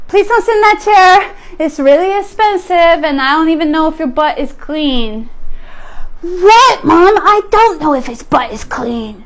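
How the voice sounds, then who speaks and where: High little-kid voice, bossy and blunt, no filter at all, a woman doing the kid. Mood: bossy, prim. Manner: bossy, blunt, self-important. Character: bossy, blunt genderless six-year-old kid. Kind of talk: comedy sketch character monologue.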